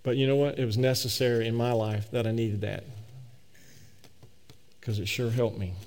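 A middle-aged man preaching a sermon, telling a personal story in a folksy, animated way full of repetitions. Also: mid-range voice, moderate pace, long reverb tail. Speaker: pastor.

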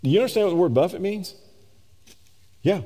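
A man preaching a sermon, swinging between emphatic raised peaks and slow, low scripture reading. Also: expressive, mellow. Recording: long reverb of a large hall.

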